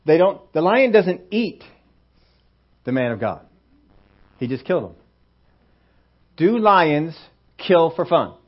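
Folksy, humorous preacher, fairly high voice. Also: male voice, sing-song, takes it slowly, pauses often. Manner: folksy and humorous, acts out scenes. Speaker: pastor. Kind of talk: conversational sermon. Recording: dull lo-fi sermon recording.

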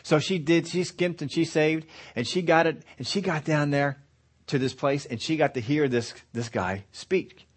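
A man's voice: on the high side, moderate pace. A middle-aged man teaching a Bible study, telling a long story in a folksy, rambling way with restarts and small chuckles. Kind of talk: conversational sermon storytelling.

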